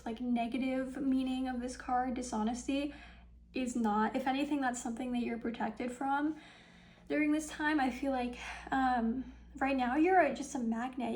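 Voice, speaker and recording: A woman's voice: high voice, darkish tone, rough recording. Chatty young woman reading tarot cards. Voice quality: vocal fry. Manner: chatty, upbeat, many ums and little laughs. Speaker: tarot reader. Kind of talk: casual pick-a-card tarot reading.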